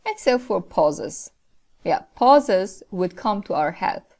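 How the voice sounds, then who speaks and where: Woman lecturing on language, not her first, talks real slow and careful. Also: mid-range voice, sing-song, darkish tone. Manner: slow, deliberate explaining with careful pauses. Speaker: linguistics lecturer. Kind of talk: recorded lecture.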